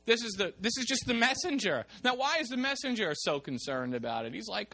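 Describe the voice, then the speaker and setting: A male preacher giving a lively sermon, reading scripture and explaining it while acting out the people in the story. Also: high voice, fairly quick, gravelly, hardly any pauses. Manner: animated, acts out the people in the story. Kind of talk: sermon with Bible reading and commentary.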